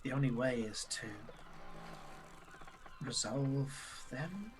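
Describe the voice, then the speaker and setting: A man narrating as game master of an online tabletop game, halting now and then with fillers and restarts. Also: mid-range voice, animated, music in the background.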